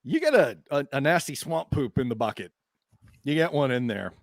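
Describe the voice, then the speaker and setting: A man narrating as game master of a tabletop game, laughing often and talking in an unhurried way with fillers. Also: medium pitch, sing-song, dry recording, clean studio sound.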